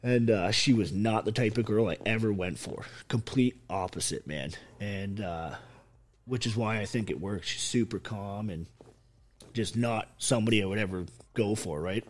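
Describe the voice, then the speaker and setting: A man telling stories in a casual chat, animated and heavy on swearing. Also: fairly low pitch, a little slow. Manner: profane, animated storytelling. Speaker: podcast guest.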